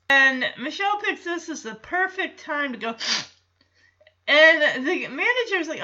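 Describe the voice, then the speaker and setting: A woman's voice: high voice, measured pace. A woman casually recapping a sitcom episode, acting out the characters' lines in different voices and laughing often. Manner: animated, acts out quotes in voices, laughs often. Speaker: show recapper. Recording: slightly dull lo-fi sound.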